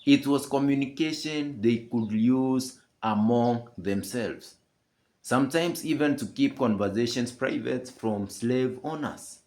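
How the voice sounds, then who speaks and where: A man's voice: medium pitch, unhurried, dark tone. A man delivering scripted commentary as a channel host, emphatic and full of rhetorical questions.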